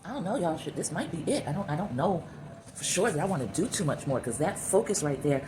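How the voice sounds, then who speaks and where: Low-voiced woman sculptor musing aloud. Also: fast talker. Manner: candid and reflective, musing aloud; addresses viewers as y'all. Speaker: clay sculptor. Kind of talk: casual talk while sculpting. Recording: steady background noise.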